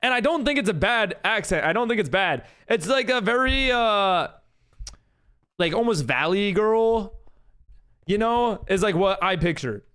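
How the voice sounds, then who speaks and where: A young man livestreams a game, chatting away as he reads viewers' messages aloud and reacts to them. His high-pitched, animated voice keeps a measured pace and has a fairly bright tone.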